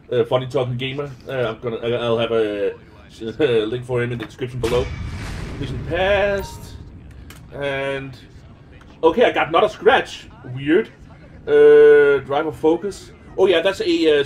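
A man's voice: medium pitch, darkish tone. A man giving casual gameplay commentary, rambling and giggly with lots of hesitations. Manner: rambling, giggly, full of uh's. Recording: noisy gameplay capture.

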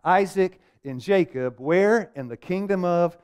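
Lively preacher man quizzing his audience. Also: sits high, unhurried, clean tone. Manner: animated, questions the audience and calls for amens. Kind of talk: seminar sermon. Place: meeting room with a live audience.

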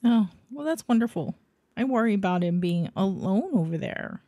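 A woman's voice: mid-range voice, animated, normal speed, dark tone, no room sound, studio quality. A woman co-hosting a casual podcast, reacting with short comments and teasing laughter. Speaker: podcast co-host. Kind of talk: casual chat.

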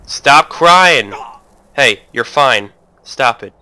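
Bright-voiced young man yelling at a video game. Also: mid-range voice, animated, slow pace, pauses often, clean tone. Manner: jokey, talks to the game, bursts into yelling. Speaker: let's play host. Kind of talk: gameplay commentary.

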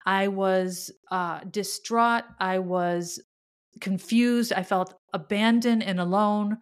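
A middle-aged woman hosting a podcast, telling a personal story in an earnest, halting, emotional way. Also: medium pitch, fairly even intonation, clean tone. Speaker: podcast host.

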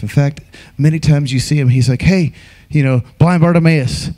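A man preaching an Easter sermon as pastor, emphatic, with acted asides and sudden shouts. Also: on the high side, fairly even intonation, a little fast.

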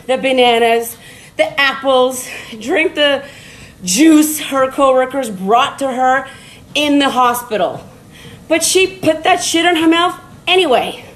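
Middle-aged woman, high voice, loose and blunt live-stream chatter from a treadmill, faint noise behind. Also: poor audio. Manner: rambling and blunt, with frequent laughs and swearing. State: walking on a treadmill while talking. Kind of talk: casual motivational live-stream talk. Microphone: phone live stream.

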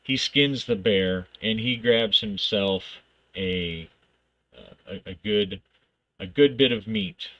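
A man's voice: on the low side, slow pace, bright, forceful tone, dull audio. A man thinking aloud as he plays a solo tabletop game, reading rules aloud and narrating the action in bursts.

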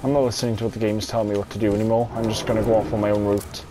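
A man's voice: on the low side, level tone, racing, noisy background. A young man giving gameplay commentary, irritable and swearing, muttering to himself as he plays. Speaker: gamer.

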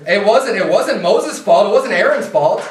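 High-voiced preacher in an echoey church. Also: male voice, animated, moderate pace, recorded from a distance. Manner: conversational preaching with frequent restarts and fillers. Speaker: pastor. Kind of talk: sermon. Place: church sanctuary.

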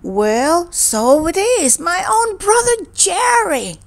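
A stubborn, easygoing man who keeps a lost property office in a storybook, as a woman reading aloud puts him on. He speaks a little higher than her reading voice, matter-of-fact and unbudging. Plain and stubborn throughout. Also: very animated, measured pace.

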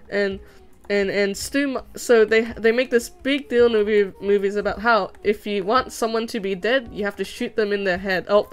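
A young woman streaming as she animates, chatting casually in a rambling, excitable way and laughing often. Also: mid-range voice, clean tone. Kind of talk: casual chat while drawing on stream.

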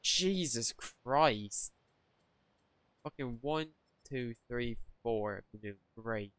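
A man's voice: medium pitch, drawn-out words, a bit bright, no echo. A young man commenting on his gameplay, irritable and grumbling, swearing at the game. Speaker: gaming streamer.

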